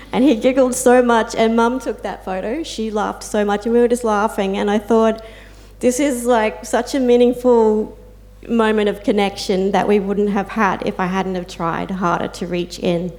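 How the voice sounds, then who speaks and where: Una mujer con acento australiano habla como voluntaria de apoyo entre pares, contando historias personales con sentimiento y muletillas. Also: female voice, mid-range voice, fairly even intonation, a little slow, a little mellow. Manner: heartfelt storytelling with fillers and quoted asides. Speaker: peer support volunteer and carer speaking on a panel. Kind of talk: personal talk to an audience.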